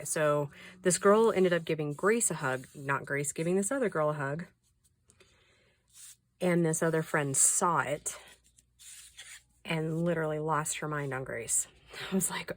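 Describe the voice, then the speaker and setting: A woman's voice: low voice, fairly even intonation, moderate pace. A middle-aged woman chatting casually to her viewers while working on a craft, confiding and indignant. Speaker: vlogger.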